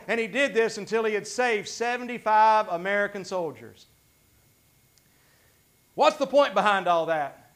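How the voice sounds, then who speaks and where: A man's voice: high voice, unhurried, long pauses, a bit bright. A man preaching a sermon as pastor, fervent and conversational, often restarting his sentences.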